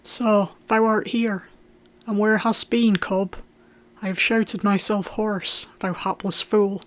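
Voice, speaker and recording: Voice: mid-range voice, little pitch movement, takes it slowly. A reader voicing a roaring hot-tempered medieval lord. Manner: gruff, loud, archaic speech. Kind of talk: audiobook character voice.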